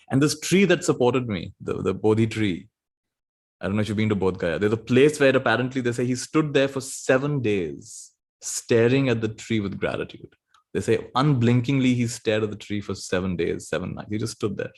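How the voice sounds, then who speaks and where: Guy telling buddha stories, lowish voice, chuckles a lot, gentle. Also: a little fast. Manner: gentle, laughs often while telling stories. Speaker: spiritual teacher. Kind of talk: storytelling dharma talk.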